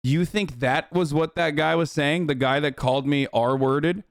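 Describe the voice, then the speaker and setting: A man's voice: on the high side, a little slow, no room sound, studio quality. A man streaming live political commentary, rambling and emphatic, with heavy swearing.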